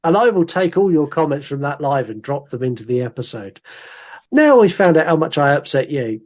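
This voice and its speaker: Male podcast co-host, slightly high voice, lively and teasing. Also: a little fast. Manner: animated, reads listener comments aloud with put-on voices. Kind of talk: casual chat.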